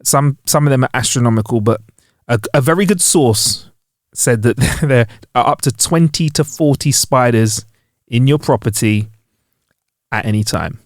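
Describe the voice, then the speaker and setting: A man's voice: medium pitch, moderate pace, no echo, clean studio sound. A man co-hosting a podcast, joking and swearing in casual banter. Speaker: podcast co-host. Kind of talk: casual chat.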